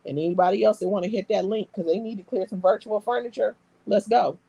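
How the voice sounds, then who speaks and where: Brash gravelly woman hosting a live stream. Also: medium pitch, steady tone, fast, dark tone, no room sound. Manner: brash, streetwise, profane banter with laughter. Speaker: live stream host reading comments. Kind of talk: casual live-stream chat.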